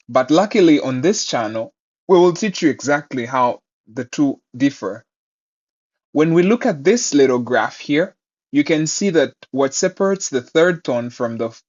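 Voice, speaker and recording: Guy teaching mandarin, patient and encouraging, kinda muffled lo-fi audio. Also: mid-range voice. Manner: patient, encouraging, slow deliberate phrasing. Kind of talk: online language lesson.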